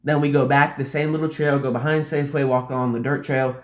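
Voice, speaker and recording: Man spinning a loose, profane anecdote; mid-pitched, casual, recorded in a roomy space. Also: level tone, a little fast. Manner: rambling, fills speech with "like" and swearing. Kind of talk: casual storytelling. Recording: roomy echo.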